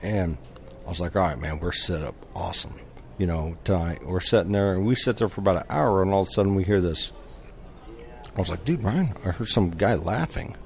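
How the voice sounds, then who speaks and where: A man appearing as a podcast guest, telling stories in casual chat, animated and full of laughter, often restarting his sentences and acting out quoted lines. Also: low-pitched, fairly quick. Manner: acts out quoted dialogue.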